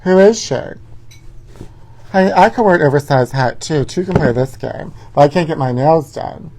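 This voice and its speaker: A man's voice: on the high side, brisk, a little mellow. A man hosting a live gossip show from his parents' house, talking in a sassy, campy way and calling everyone honey.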